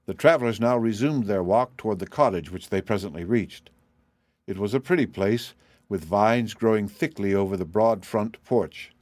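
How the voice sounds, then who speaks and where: A man narrating a classic children's novel as an audiobook in a steady, plain storytelling manner. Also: fairly low pitch, no echo.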